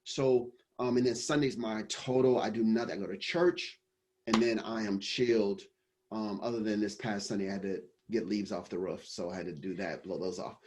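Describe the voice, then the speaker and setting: A man's voice: fairly low pitch, fairly even intonation, moderate pace, background noise. A man, a business coach and company founder, giving a casual interview answer in a rambling way with many restarts.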